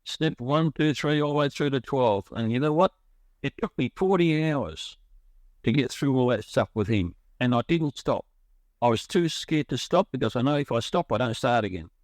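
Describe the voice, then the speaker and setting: A man's voice: medium pitch, normal speed, darkish tone, dry recording. A middle-aged man telling his recovery story in a rambling, emotional way, often restarting his sentences. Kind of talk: personal storytelling.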